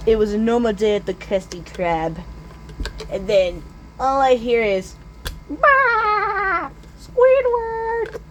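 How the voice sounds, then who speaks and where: A woman's voice: mid-range voice, measured pace, slight background noise. Drawling woman telling goofy stories. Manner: drawling, with sudden loud squealing outbursts. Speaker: storyteller. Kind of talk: absurd comedic storytime.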